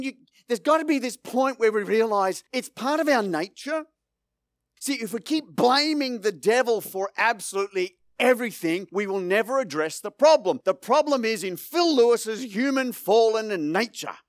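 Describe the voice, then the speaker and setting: A man's voice: high-pitched, fairly bright tone, no room sound, clean studio sound. A male pastor preaching a sermon, emphatic and building through repeated rhetorical phrases.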